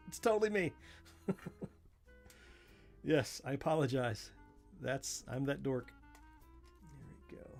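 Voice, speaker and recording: A man's voice: mid-range voice, vocal fry, a little mellow. A man with a Southern US accent, hosting a livestream and chatting casually as he takes apart a joystick, folksy and self-mocking, chuckling and thinking aloud as he works. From born in southern Florida, family from Missouri. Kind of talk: casual livestream commentary while working.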